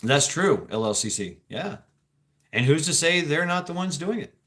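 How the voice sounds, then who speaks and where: A man hosting a livestream, talking casually and reacting to chat in a halting, rambling way, with frequent laughs and swearing. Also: fairly high pitch, animated, a bit bright. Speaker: livestream host reading chat.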